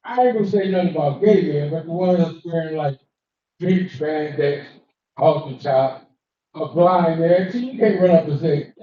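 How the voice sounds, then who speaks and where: A man's voice: on the high side, normal speed. A man doing a stand-up comedy set in a cigar lounge, telling stories and acting out the dialogue. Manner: storytelling with acted-out dialogue. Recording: echoey room from far off, muffled. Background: live audience.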